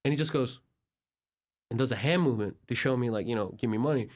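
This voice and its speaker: An American man, a podcast guest, telling travel stories in a casual, animated way, laughing and acting out the people he quotes. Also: mid-range voice, a little fast. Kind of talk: casual storytelling.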